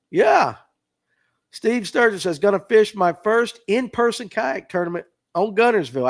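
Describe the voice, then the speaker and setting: A man hosting a fishing podcast livestream, chatting casually and reading out viewer comments in a folksy way. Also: high voice. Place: tackle shop.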